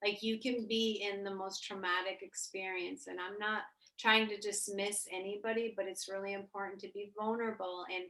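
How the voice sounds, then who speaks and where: A woman's voice: medium pitch, level tone, normal speed, hardly any pauses, sharp tone, echoey room, low-quality recording. A woman co-hosting a casual spiritual heart-to-heart chat, emotive and swearing freely. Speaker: co-host.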